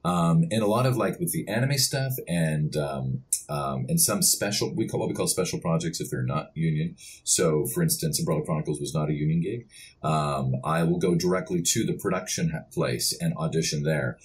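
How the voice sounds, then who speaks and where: Low-voiced man telling stories. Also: normal speed. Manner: rambling, animated storytelling with many restarts. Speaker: voice actor guest. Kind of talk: casual podcast interview.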